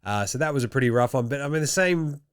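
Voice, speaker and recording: A man's voice: mid-range voice, expressive, fast, clean tone. A young Australian man hosting a basketball show, giving casual, jokey commentary and swearing freely.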